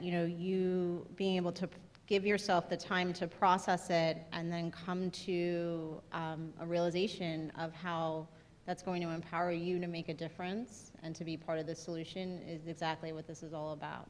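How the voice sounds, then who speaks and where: Gentle low-voiced woman in a reverberant hall. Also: little pitch movement, moderate pace. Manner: gentle, with many "you know" fillers. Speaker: panel speaker. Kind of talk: reflective conference talk. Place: large theater. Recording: reverberant theater hall with faint noise.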